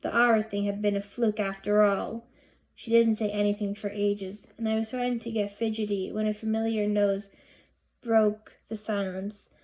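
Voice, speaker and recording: A woman's voice: medium pitch, level tone, moderate pace, a little mellow. Woman narrating a children's book. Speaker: audiobook reader. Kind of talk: storybook narration.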